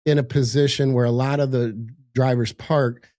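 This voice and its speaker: A man's voice: mid-range voice, little pitch movement, normal speed, dark tone, no echo, clean studio sound. An older man, a podcast guest, telling a story in casual chat, acting out quotes, laughing often and swearing, speaking over a video call from his home office. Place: home office in a high-rise.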